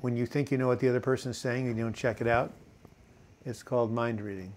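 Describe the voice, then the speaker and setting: An older man hosting a live video chat from home, reading viewer comments and answering in a relaxed, rambling way with many fillers and restarts. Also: mid-range voice, fast. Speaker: host of a live video chat on mental health. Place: home in Portland, US.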